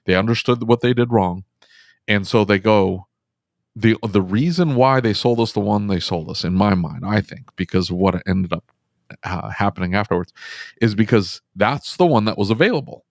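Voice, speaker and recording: Emphatic man, low register, dry close mic, quick bursts, shop-owner guest. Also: dry recording. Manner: animated, emphatic, talks fast in bursts. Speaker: auto repair shop owner, podcast guest. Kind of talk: casual storytelling conversation.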